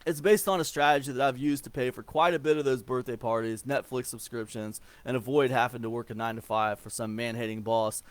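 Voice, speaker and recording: A man's voice: mid-range voice, steady tone, brisk, hardly any pauses, clean tone, no echo. A man in his forties from Ohio, talking casually about email marketing in a rambling way, full of fillers and restarts. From Ohio, USA. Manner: rambling, with many fillers and repeated words. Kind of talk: casual explanatory talk.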